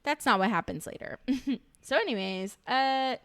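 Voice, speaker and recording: A woman's voice: high voice, moderate pace, fairly bright tone, clean tone, dry recording. Chatty, sarcastic young woman. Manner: chatty, sarcastic, swears freely, laughs often. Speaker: reaction vlogger. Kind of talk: casual recap chat.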